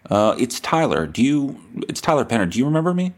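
A man's voice: medium pitch, sing-song, fast. A man hosting a podcast, rambling through a profane comedic monologue and a joking phone call. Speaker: podcast host.

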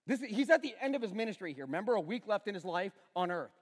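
A man's voice: high voice, very animated, fast talker, big-room sound. A middle-aged male pastor preaching a sermon, telling a story about his son with self-deprecating humor in a church auditorium.

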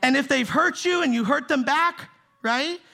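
At a Bay Area church, a pastor delivers his sermon in a very high, creaky voice with a sharp tone and moderate pace. He's emphatic and conversational, hammering key phrases through repetition and checking in with "right?" and "see?"

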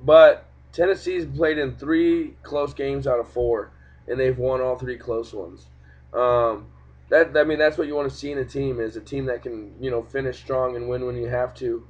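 A man's voice: mid-range voice, moderate pace. Man ranting about football, lo-fi. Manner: profane, ranting, animated. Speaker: podcast host. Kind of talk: casual sports podcast chat. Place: home room, cat nearby. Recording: dull lo-fi home podcast recording.

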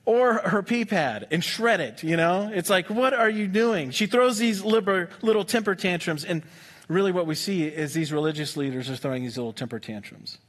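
High-voiced man preaching conversationally. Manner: conversational preaching with humor and quick asides. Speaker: pastor. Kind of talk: sermon.

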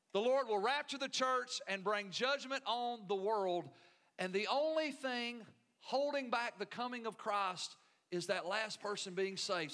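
A man preaching a sermon as pastor in a church, rising to emphatic peaks and dropping to hushed lines. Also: sits high. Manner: preaching with swelling intensity and hushed drops. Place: church sanctuary.

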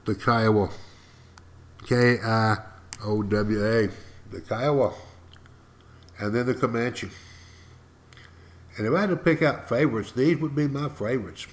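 A man's voice: mid-range voice, moderate pace, pauses often. Folksy man lecturing like a storyteller. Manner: folksy, dramatic, addresses listeners directly. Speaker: podcast history lecturer.

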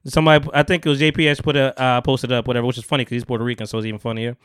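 A man's voice: medium pitch, little pitch movement, rapid-fire, a bit bright, clear, resonant tone, no echo, clean studio sound. A man hosting a podcast, telling stories in loose, profane casual chat and laughing often. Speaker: podcast host.

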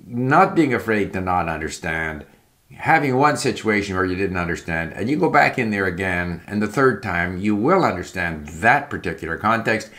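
Man, lowish voice, unscripted advice monologue, chatty and meandering with lots of fillers. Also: animated, normal speed, fairly bright tone. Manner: rambling, conversational, with frequent fillers and restarts. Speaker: language learning talker. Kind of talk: casual spoken advice monologue. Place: home in Palm Springs.

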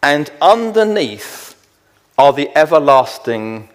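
A man's voice: fairly high pitch, very animated. Man preaching in a reverberant hall. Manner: slows down to read verses with emphasis. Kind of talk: sermon.

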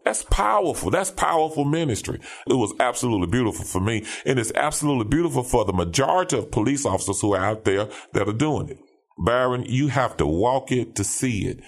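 A man, pastor and police officer, talks in a lively preaching cadence. His voice rises and falls widely as he repeats key phrases and keeps checking in with "all right?". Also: medium pitch. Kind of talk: conversational commentary with preaching cadence.

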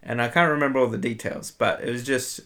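A man's voice: medium pitch, fast, a bit bright. A man co-hosting a casual film podcast, easygoing and chuckling, with lots of "like" and "yeah". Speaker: podcast co-host.

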